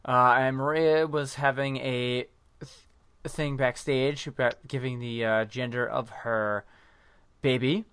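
An excitable man co-hosts a casual podcast chat. His voice sits at an ordinary middle pitch. It is recorded close and dry, with no room sound. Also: unhurried, smooth, no echo. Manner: excitable, interrupts with live updates. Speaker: podcast co-host.

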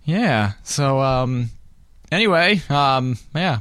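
A fairly high, bright male voice with a dry, close sound, joking and laughing as he hosts a casual podcast chat. He moves easily between banter and reading out the show's plugs. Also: expressive, brisk, no room sound. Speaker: podcast host.

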